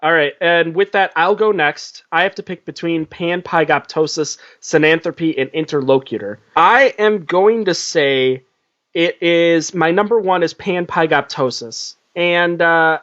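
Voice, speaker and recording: A man's voice: a little high, measured pace, a bit bright, lo-fi sound. A man hosting a comedy word game podcast, joking loosely, laughing and swearing. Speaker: host.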